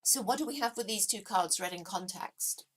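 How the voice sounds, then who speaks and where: A woman hosts a live tarot stream and talks straight to her viewers. She sounds chatty and encouraging, with a bright, clear edge to her voice. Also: mid-range voice, animated, moderate pace.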